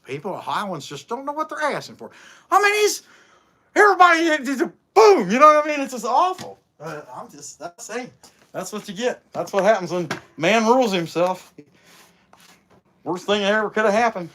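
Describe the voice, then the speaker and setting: A man's voice: high-pitched, sing-song, normal speed, rough recording. A man hosting a livestream while chainsaw carving, chatting casually in a rambling, folksy, grumbling way. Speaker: chainsaw carver and livestream host. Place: outdoor carving workshop. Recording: loud outdoor noise behind.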